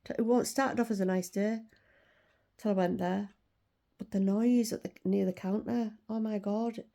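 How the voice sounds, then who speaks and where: Older woman vlogger, warm gravelly voice, indignant rant with swearing. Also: medium pitch, steady tone, moderate pace. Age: 60s. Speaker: weight-loss vlogger. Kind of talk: casual storytelling rant.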